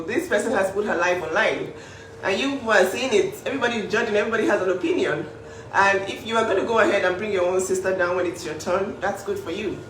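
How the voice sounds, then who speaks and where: A woman's voice: on the low side, roomy sound, far from the mic, a little hiss or hum, low-quality recording. A young woman talking earnestly and emphatically as a big sister, defending her family in a casual social media video. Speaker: older sister speaking out.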